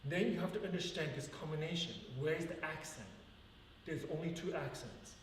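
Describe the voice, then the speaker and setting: Ballet teacher guy, fairly high voice, talks earnest and counts beats out loud, far off in a big echoey studio. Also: brisk, a little hiss or hum. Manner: earnest, counts aloud rhythmically. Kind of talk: teaching a live ballet class. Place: large echoey dance studio.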